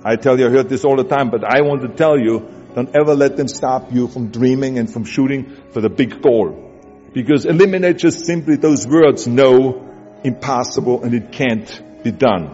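A man's voice: medium pitch, a little fast, mellow. A man with a German accent giving an emphatic, repetitive motivational speech that urges the listener on. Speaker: motivational speaker. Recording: dull audio with long hall reverb. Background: music bed.

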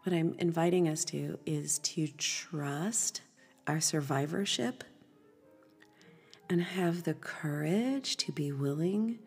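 A woman hosting a podcast, giving a gentle motivational talk, soft and often dropping to a breathy half-whisper. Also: low-pitched, long reverb tail. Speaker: podcast host.

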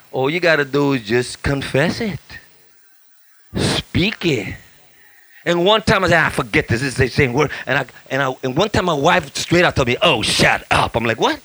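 A man in his fifties, a guest pastor preaching a lively storytelling sermon, acting out voices and shouting lines for effect. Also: on the high side, normal speed, no room sound. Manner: animated, acts out voices and shouts for effect, laughs often.

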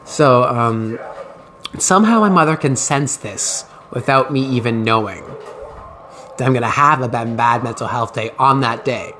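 A man's voice: mid-range voice, moderate pace, pushed and bright, a little hiss or hum. A man hosting a podcast, telling a story in casual, profane, rambling chat. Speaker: podcast host.

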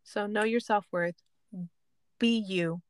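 A woman's voice: mid-range voice, takes it slowly, smooth, dry recording. Casual, swearing young woman co-host. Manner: animated storytelling, swears casually. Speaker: podcast co-host. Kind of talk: casual chat.

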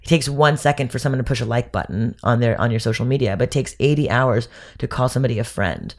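A woman guest in a casual podcast conversation, telling stories in an animated way with many restarts. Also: extremely low pitch, fast.

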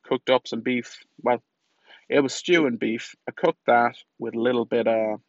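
A man's voice: mid-range voice, steady tone, moderate pace, dry recording, lo-fi sound. A young man hosting a podcast, telling a casual, self-mocking, sweary story about his day. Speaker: podcast host. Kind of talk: casual diary-style monologue.

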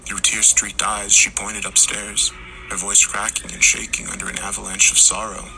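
A man narrating a horror story, acting out the characters' lines and rising to shouts in tense moments. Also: on the low side, level tone, moderate pace, gravelly, background noise. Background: music.

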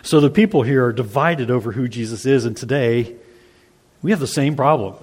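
A man's voice: mid-range voice, fairly quick, a little mellow, breathy edge. A man preaching an expository sermon, earnest and emphatic, reading scripture aloud and explaining it to the congregation. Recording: long hall reverb.

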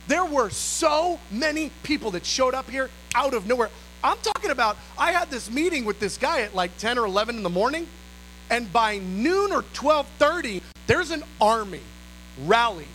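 Male ministry leader, animated sermon storyteller, high and lively voice. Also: moderate pace, slight background noise, poor audio. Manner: animated, exclamatory, acts out voices.

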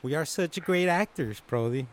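A man's voice: a little high, animated, normal speed. A man co-hosting a podcast, chatting in a slangy, profane, teasing way. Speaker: podcast co-host. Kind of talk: casual chat.

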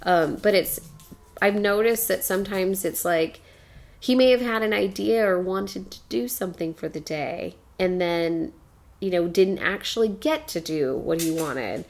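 A woman in her thirties, co-hosting a casual podcast chat, telling stories with lively energy and often laughing. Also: on the low side, unhurried. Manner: animated storytelling, acts out her son's lines, laughs often. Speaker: podcast co-host.

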